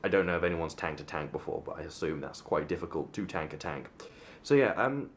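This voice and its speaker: A man's voice: low-pitched, a little fast, a little hiss or hum. A young man chatting to camera in a casual vlog, rambling and self-mocking, with plenty of fillers and restarts. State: sunburnt. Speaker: vlogger.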